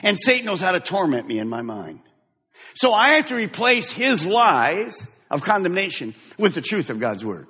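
A man's voice: high voice, very animated, normal speed, pushed and bright, breathy edge, in a large hall. A man preaching a sermon as pastor, emphatic and direct, having the congregation repeat lines after him. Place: church sanctuary.

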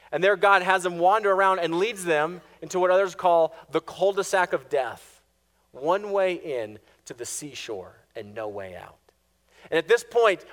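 A male pastor with a high-sitting voice preaches a sermon in an animated, storytelling way, adding touches of sarcastic humor.

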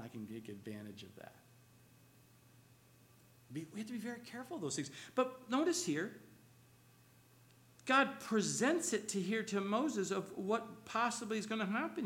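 A male pastor preaching a sermon, asking the congregation questions and swinging between loud, emphatic lines and hushed, slow ones. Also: on the high side, slight background noise.

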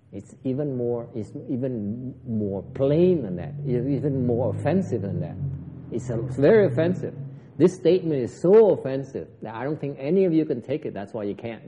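A man giving a Buddhist teaching, animated and teasing, acting out dialogue with his students. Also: mid-range voice, creaky. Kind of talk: dharma lecture with students. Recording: dull lo-fi recording in a reverberant hall.

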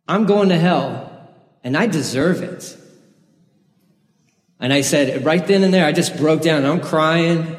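A man preaching a sermon, telling his own conversion story in an earnest, personal way with the odd laugh. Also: a little high. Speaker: pastor. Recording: echoey hall.

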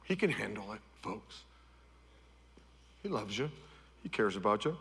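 A middle-aged male pastor preaching a sermon, swinging from loud, high-pitched repeated refrains down to soft, low tones. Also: sing-song, measured pace, creaky, husky, long reverb tail.

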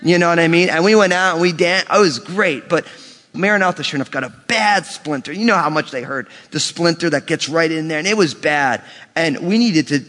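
A man with a notably high speaking voice preaches a sermon to his congregation. He tells stories with lively animation and slows right down when reading scripture. His voice rings out with the long reverb of a large church hall. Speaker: pastor.

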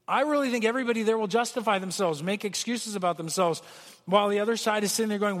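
Male pastor, earnest sermon delivery, high voice, recorded in a reverberant church hall. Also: fast talker. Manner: earnest preaching, acts out pleading quotes.

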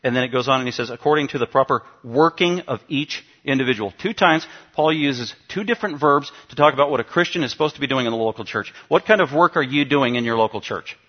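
Emphatic pastor teaching a sermon. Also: male voice, medium pitch, fast talker, few pauses, muffled recording. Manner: emphatic, asks the congregation questions.

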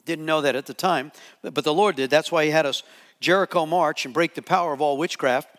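A man preaching a sermon to a live audience, telling a story with lively acted-out quotes. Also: a little high, a little fast. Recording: long hall reverb.

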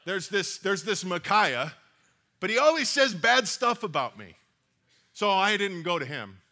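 A man's voice: high-pitched, very animated, a little slow, pushed and bright, full character voice. A man voicing a boastful, scheming ancient king in everyday modern talk while retelling a story in a sermon. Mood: breezy, scheming.

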